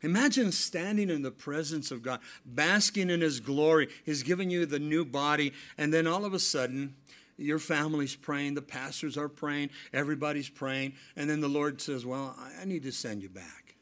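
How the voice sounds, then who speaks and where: A middle-aged male pastor preaching a sermon, telling stories and swinging between loud emphatic lines and hushed ones. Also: fairly high pitch, moderate pace.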